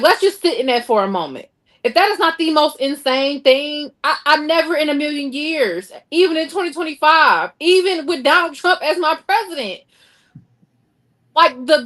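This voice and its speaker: Woman, high pitch, talk show co-host, emphatic, repetitive, indignant. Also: a bit bright. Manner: emphatic, repeats herself, rising indignation. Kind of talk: passionate panel discussion.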